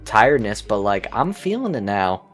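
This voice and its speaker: A tired man late at night in a casual chat, speaking in a reflective, measured way. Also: fairly low pitch, sing-song, soft background music. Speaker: podcast guest.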